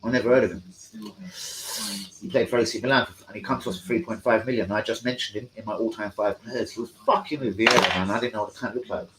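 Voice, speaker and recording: A man hosting a live stream, rambling through football fan chat with heavy swearing and excitable outbursts. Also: fairly low pitch, fast talker, noisy background.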